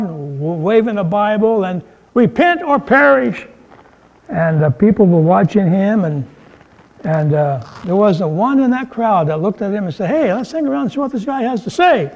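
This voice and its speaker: A man delivers a sermon with a fairly high voice for a man. He talks to the congregation in a relaxed, conversational way, telling jokes and raising his pitch whenever he drives a point home. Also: rough recording. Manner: conversational preaching with humor, voice rising for emphasis. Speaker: pastor.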